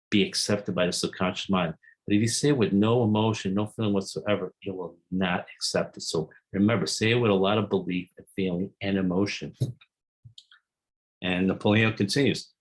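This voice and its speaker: A man's voice: low voice, poor audio. A man giving an earnest, explanatory summary of a self-help book, reading quotes aloud and then explaining them.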